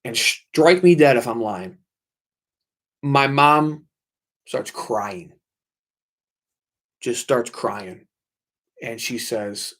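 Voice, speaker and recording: A man's voice: medium pitch, slow pace, long pauses, a bit bright. A man hosting a late-night livestream, telling a ghost story in an intense, repetitive way, swearing often. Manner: intense, swearing, repeats himself for emphasis. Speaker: livestream host.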